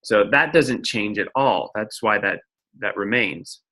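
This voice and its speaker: A man's voice: on the low side, animated, unhurried, sharp tone. A man teaching a lecture-style lesson, explaining step by step and often checking in with "right?". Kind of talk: recorded lecture at a whiteboard.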